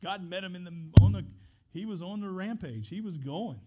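Speaking at a normal pace in a high, mellow voice with lively intonation, this pastor leads church service talk and prayer. He is earnest and conversational, sharing a story and making restarts along the way.

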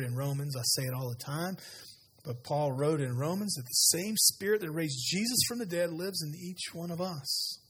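A man preaching a sermon as pastor, retelling scripture with lively conversational asides to a church audience. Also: fairly high pitch, a little hiss or hum. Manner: animated storytelling, conversational asides. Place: church sanctuary.

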